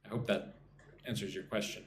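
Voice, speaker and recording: A man's voice: lowish voice, steady tone, brisk, roomy sound, slight background noise. A man teaching English on a live stream, reading chat comments and drilling pronunciation.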